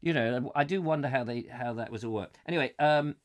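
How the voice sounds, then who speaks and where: A man's voice: mid-range voice, fairly quick. A man hosting a comic live chat show, rambling as he reads out viewer comments and drifts into silly voices. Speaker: host.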